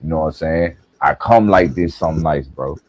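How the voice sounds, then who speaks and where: A man hosting a live reaction stream, talking to viewers in relaxed slang. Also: a bass voice, normal speed, slight background noise. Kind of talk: casual live-stream talk.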